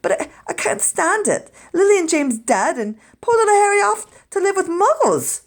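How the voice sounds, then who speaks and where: A woman voicing a huge, wild-haired, softhearted giant man who talks in a choked-up, tearful way. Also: very high voice, very animated, normal speed, pitched above the performer's own voice, heavily acted. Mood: sobbing. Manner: tearful, choked-up sobbing speech.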